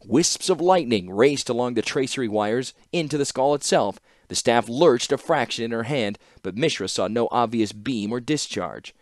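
A man narrating an audiobook-style reading with steady, measured pacing. His voice sits at an ordinary middle pitch for a man. The sound is close and dry, with no room echo.

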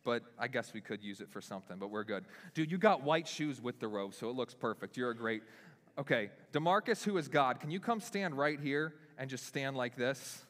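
A young man preaching from a church stage, loose and animated, with his pitch swinging up and down as he acts out the scene. His voice sits in a middle register. It carries the long, hanging reverb of a church sanctuary. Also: moderate pace. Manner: animated, self-deprecating, talks with lively pitch swings. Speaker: pastor. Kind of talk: sermon with live stage demonstration. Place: church hall.

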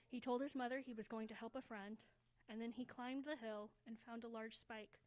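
A woman reading a children's story aloud at a church service, slowing down for emphasis and dropping to a hush. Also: a little high, poor audio. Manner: expressive, slows down for emphasis, drops to a hushed voice.

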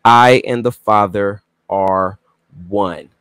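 A man moderating a debate, announcing the passages and giving each side the floor in a measured way. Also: fairly low pitch, steady tone, fairly bright tone, clear, resonant tone, no echo.

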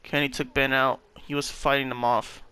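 A man reacting to a story game with loud, profane, emotional outbursts as he plays. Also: medium pitch, little pitch movement, moderate pace, clear, resonant tone. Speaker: gaming channel host. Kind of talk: let's play reaction commentary.

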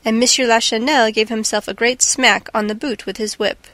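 A woman narrating a classic novel as an audiobook in a steady, measured reading. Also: a little high, dry recording. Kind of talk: scripted narration.

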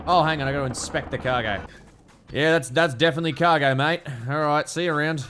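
A man from Australia with an Australian accent, giving casual gameplay commentary at home, excitable and sweary with rambling asides. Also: on the high side, fast, background noise. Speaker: gaming video host.

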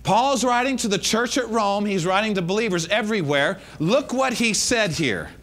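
A man preaching from the pulpit in a strikingly high register. His tone is bright and forceful. He hammers home repeated phrases and calls on the congregation to answer. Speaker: pastor. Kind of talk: sermon.

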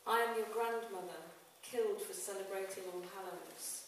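Woman reciting poetry in an echoey hall. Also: mid-range voice. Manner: casual and halting between poems, rhythmic and emphatic when reciting. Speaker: poetry event host. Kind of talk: live spoken-word poetry and compering. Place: live event venue. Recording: echoey room, far from the mic, audible noise.

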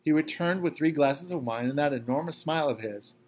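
A man's voice: fairly high pitch, fairly quick, a little mellow. A man, a teacher, reading a novel aloud to his class in a casual, conversational voice. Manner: casual, conversational first-person narration.

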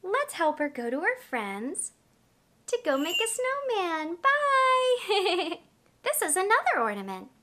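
A woman in her thirties hosting a children's educational video, with an animated, slow and clear sing-song delivery for toddlers. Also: extremely high pitch. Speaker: preschool teacher host.

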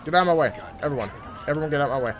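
Goofy, excitable young male gamer. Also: fairly high pitch, racing, noisy background. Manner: goofy, excitable, jokey banter to viewers. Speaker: gaming YouTuber. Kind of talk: playthrough commentary. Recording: commentary over loud game music. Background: game music and sirens.

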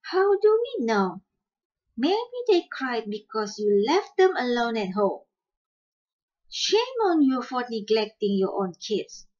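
A woman's voice: mid-range voice, sing-song, moderate pace, a little mellow, breathy edge, highs cut off. A woman voicing a quarrelsome female shrew mother who screeches defiant denials, in a storybook reading. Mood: screeching.

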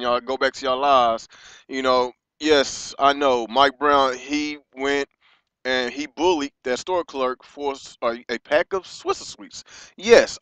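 American man, impassioned vlog rant, high and bright voice, dry close sound. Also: smooth, no echo. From United States. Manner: impassioned, halting, with profanity and many restarts. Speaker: vlogger.

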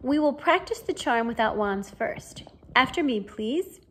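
A woman voicing a kindly, cheerful middle-aged male teacher in a fan audiobook reading, with a gentle, encouraging way of explaining. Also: fairly high pitch, animated, a little slow, breathy edge, voice pushed up, heavily acted.

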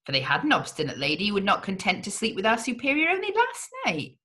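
A woman voicing a female prison servant with a lowered, confiding voice in a gothic storybook reading. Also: wildly swooping pitch, fast talker, pushed and bright. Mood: grim.

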